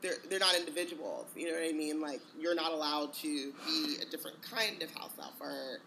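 A man chats in a loose, hesitant way, padding his thoughts with likes and ums. His voice is fairly high and bright and sharp. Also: a little fast, gravelly, a little hiss or hum. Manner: rambling, hesitant, many filler words. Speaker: podcast co-host. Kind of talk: casual chat.

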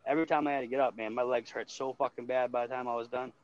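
Foul-mouthed Boston streamer, lo-fi. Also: male voice, medium pitch, fairly even intonation, racing. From Massachusetts. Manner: swears constantly, loose rambling talk. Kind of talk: casual chat. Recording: dull lo-fi sound.

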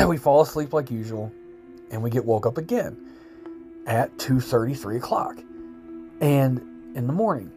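A man telling a true spooky story in casual, rambling speech, often clearing his throat and repeating himself. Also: mid-range voice, lively intonation, unhurried, long pauses, darkish tone, soft background music.

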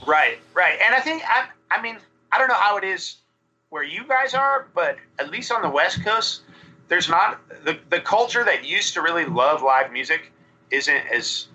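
Male guest on a muffled remote call, relaxed and rambling, bright tone. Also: high voice, moderate pace. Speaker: band singer, guest. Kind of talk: remote podcast interview.

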